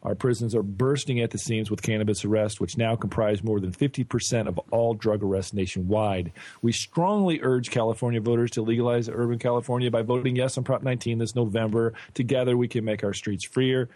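A man co-hosting a podcast, reading news items in a relaxed, joking, rambling way. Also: medium pitch, fairly quick, few pauses, dry recording. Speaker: podcast co-host.

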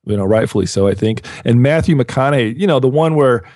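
A man's voice: medium pitch, expressive, quick pace, a little mellow, no echo, clean studio sound. A man co-hosting a podcast in casual chat, rambling and laid-back, laughing often. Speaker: podcast co-host.

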